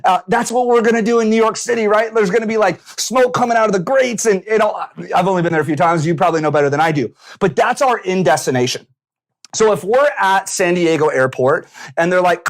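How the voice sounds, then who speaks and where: A man with a fairly high voice coaches business owners in a punchy, animated talk. He acts out little bits of dialogue and swears casually as he goes. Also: quick pace. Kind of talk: energetic motivational talk to camera. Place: San Diego.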